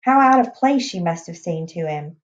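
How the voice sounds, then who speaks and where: A woman reading a novel aloud in a plain, unhurried way, with small restarts. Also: on the low side, animated. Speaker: reader. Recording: dull lo-fi recording.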